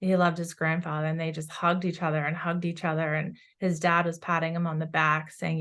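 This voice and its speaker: A woman's voice: low voice, little pitch movement, fairly quick, hardly any pauses, a bit bright. A woman psychic medium describing her visions in a loose, rambling way, full of fillers. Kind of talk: channeling session in casual chat.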